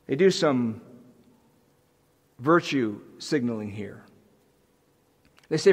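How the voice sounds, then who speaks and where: A man's voice: mid-range voice, lively intonation, normal speed, long pauses, in a large hall. A man preaching a sermon as pastor, earnest and emphatic, building intensity as he goes. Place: church sanctuary.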